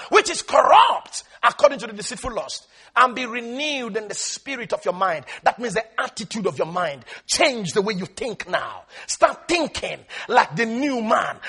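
A man's voice: very high voice, sharp tone, husky. A man preaching an emphatic sermon, calling on the congregation to answer him and repeat his words. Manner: emphatic call-and-response preaching.

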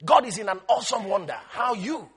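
A man preaching as a pastor, emphatic, shouting out lists and calling the congregation to repeat after him. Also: sits high, a little fast, husky. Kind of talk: sermon.

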